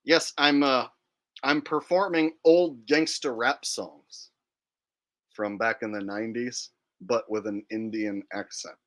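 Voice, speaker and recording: A man's voice: mid-range voice, fairly even intonation, slow pace, fairly bright tone. A man hosting a livestream, chatting casually and reading comments aloud in a laid-back way. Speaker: livestream host.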